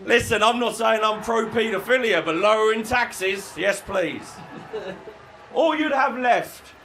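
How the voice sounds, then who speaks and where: UK stand-up, male, high and lively delivery, crude sardonic humour. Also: takes it slowly, a little hiss or hum, low-quality recording. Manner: crude, sardonic, erupts into shouted rants in character. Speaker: stand-up comedian. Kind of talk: live stand-up routine. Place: comedy venue with live audience.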